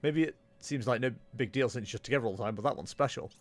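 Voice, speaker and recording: A man's voice: medium pitch, fast talker, lightly acted. A man reading as a cheerful young trainer girl. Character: young female Pokemon trainer, upbeat and friendly. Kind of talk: reading game dialogue aloud.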